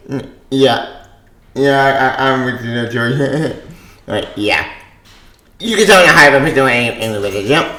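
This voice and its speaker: A man ranting on his own channel, swearing, shouting and exasperated. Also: a little high, roomy sound, rough recording. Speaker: comic book vlogger. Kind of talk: angry rant.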